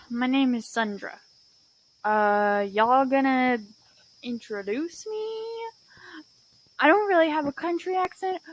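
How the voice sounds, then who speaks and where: A woman's voice: a little high, low-quality recording. A woman voicing a sighing, uncertain character with a vague, odd drawl. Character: unsure character named Sundra with an odd drawl.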